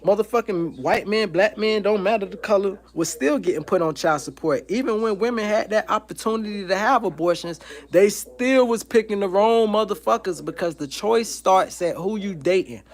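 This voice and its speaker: A man with a notably high-pitched voice delivers a heated livestream rant from his home. He talks emphatically, swears a lot and hammers the same points again and again. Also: normal speed. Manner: profane, emphatic, repetitive ranting. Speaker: livestream host.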